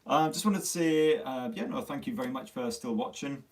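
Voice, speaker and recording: Speaking at normal speed in a mid-range voice, this Sunderland man hosts a live tech stream in a Northern English accent. His voice is a bit worn as he swears freely, jokes at his own expense, and chats casually, all captured by a distant phone mic.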